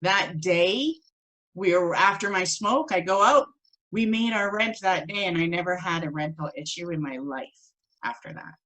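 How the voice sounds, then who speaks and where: A woman teaching a spiritual course, telling a personal story in an animated way and acting out the voices of the people in it. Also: lowish voice, normal speed, low-quality recording. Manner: animated, acts out quoted voices.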